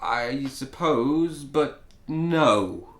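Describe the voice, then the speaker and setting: A man's voice: mid-range voice, extremely slow, fairly bright tone. A man playing a grieving writer, hesitant and stammering. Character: grieving, blocked male writer. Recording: roomy echo.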